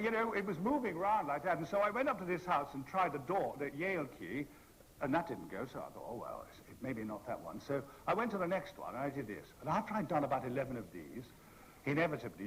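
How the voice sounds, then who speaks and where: A man's voice: medium pitch, slight background noise, low-quality recording. A man telling a droll anecdote as a guest on a convention panel, with a theatrical raconteur's delivery. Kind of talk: anecdotal storytelling to a live audience. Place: convention panel before an audience.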